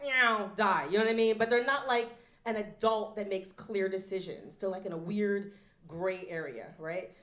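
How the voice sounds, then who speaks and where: A woman telling a stand-up comedy story, animated and acting out the voices, before a live audience. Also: mid-range voice. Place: event hall with live audience. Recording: roomy hall echo.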